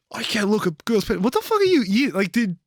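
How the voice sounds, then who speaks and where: A man's voice: sits high, no room sound. Sarcastic young man, dry room. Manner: teasing, sarcastic, swears freely. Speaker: podcast co-host. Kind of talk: casual chat.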